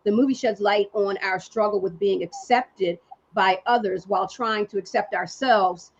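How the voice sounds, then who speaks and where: A woman's voice: medium pitch, moderate pace, muffled recording. A woman hosting a live online discussion, reading out comments from viewers with frequent fillers. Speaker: host.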